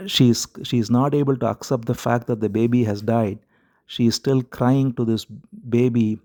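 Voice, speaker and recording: A man teaching a devotional scripture, retelling the story at a measured pace and repeating words as he searches for them. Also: medium pitch, steady tone, darkish tone.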